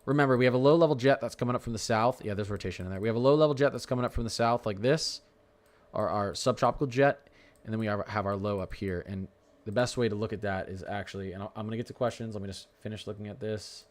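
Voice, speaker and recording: A man's voice: lowish voice, fast talker. A young man hosting a live weather stream, talking through radar warnings in a chatty, rambling way and stumbling over place names.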